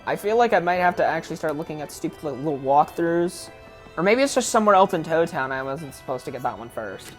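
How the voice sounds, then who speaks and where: A woman's voice: low-pitched, expressive, fast talker, faint music behind. A woman giving casual, rambling let's play commentary, frank and often correcting herself.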